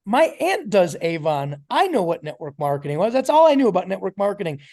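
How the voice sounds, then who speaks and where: Animated New man telling stories. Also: sits high, a little fast, creaky. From New York. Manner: animated storyteller acting out dialogue. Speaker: network marketing trainer. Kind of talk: motivational storytelling talk.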